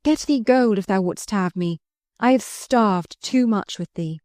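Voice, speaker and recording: A woman's voice: medium pitch, measured pace, mellow, no echo, clean studio sound, lightly acted. A woman reading the part of a proud young woman who speaks derisively and imperiously in archaic speech. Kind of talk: audiobook character reading.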